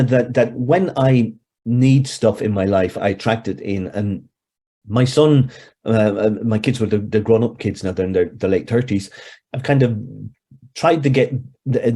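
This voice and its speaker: Brief: Irish man, 60s, warm husky voice, rambling interview storyteller. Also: medium pitch, animated, moderate pace. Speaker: hypnotherapist guest.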